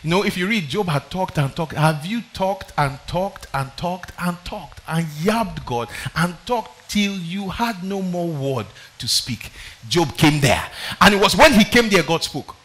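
A man's voice: high voice, lively intonation, unhurried, a bit bright. A man preaching a sermon, reading scripture aloud with dramatic emphasis and calling out for the next verse. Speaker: pastor.

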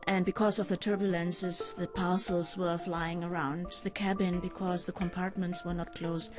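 An older woman in an interview, recounting a personal ordeal in a measured, halting way with pauses and fillers. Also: on the low side, flat delivery. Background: faint music.

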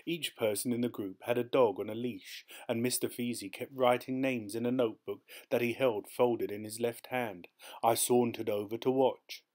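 A man narrating a short story as an audiobook in a steady, measured way. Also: medium pitch.

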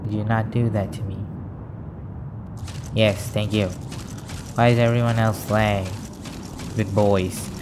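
A man giving excitable commentary over his own gameplay, cheering at kills and muttering asides between rounds. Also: fairly low pitch, takes it slowly, long pauses, noisy background. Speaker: gaming YouTuber. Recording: game music behind voice.

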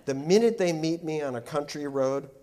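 Speaking a little high, a male art critic delivers a public lecture full of jokes and playful jabs at the audience. His manner is lively, and he's quick with banter.

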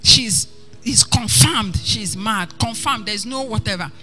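A woman preacher voicing her elderly grandmother, who complains slowly and emphatically. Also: on the high side, sharp tone, soft background music. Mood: exasperated. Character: scolding elderly grandmother, exasperated.

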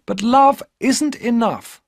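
A man's voice: extremely high pitch, takes it slowly, no room sound, studio quality, voice pushed up, exaggerated voice. A man voicing a sad young woman who chooses money over love, in a storybook reading. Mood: regretful. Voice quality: sad, regretful voice.

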